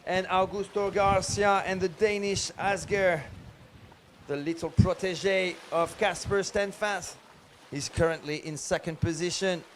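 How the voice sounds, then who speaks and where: High-voiced male race commentator. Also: slight background noise. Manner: lively, many filler pauses. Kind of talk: live sports commentary.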